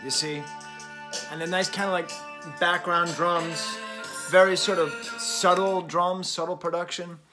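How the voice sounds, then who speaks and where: A man's voice: high-pitched, flat delivery, a little slow, over music. A man hosting a casual spoken album review, chatty and musing, often stopping to correct himself.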